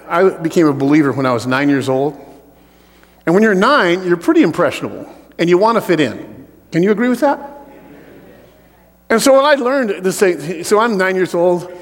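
A man preaching a sermon with personal testimony in an animated way, joking with the congregation. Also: on the high side, long reverb tail.

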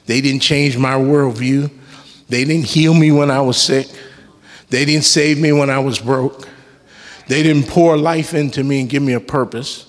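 A man's voice: mid-range voice, fairly even intonation, unhurried. A man preaching a sermon in a church, emphatic with call-and-response and casual joking asides. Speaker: worship leader preaching. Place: church sanctuary. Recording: long reverb of a church hall.

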